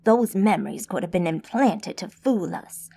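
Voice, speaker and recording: A man's voice: high voice, expressive, moderate pace, gravelly, mellow, pitched below the performer's own voice, heavily acted. A woman narrator voicing a hostile, suspicious male mage who talks scornfully, in an audiobook. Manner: scornful, accusing.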